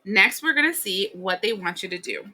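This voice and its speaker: A woman giving a casual tarot reading, blunt and animated, swearing and acting out the listener's complaints. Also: medium pitch, moderate pace, a little hiss or hum. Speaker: tarot reader.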